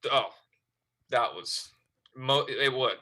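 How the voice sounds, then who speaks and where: A man who is a guest on a casual sports podcast, speaking knowledgeably and sometimes trailing off into low mutters. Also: slow pace, pushed and bright. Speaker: guest, video creator and fan.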